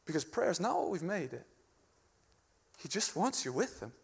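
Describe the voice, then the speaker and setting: A young man preaching with a high voice that rings out through a large hall with a long reverb. He swings between loud, urgent calls and hushed, intimate passages. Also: very animated, normal speed, gravelly, breathy edge. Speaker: pastor. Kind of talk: sermon.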